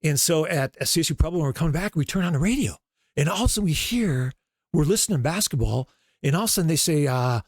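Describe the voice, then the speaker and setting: Middle-aged man, basketball coach, animated storytelling, dry close sound. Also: on the high side, fast, no echo. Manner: animated storyteller, acts out quoted dialogue. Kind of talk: storytelling interview talk.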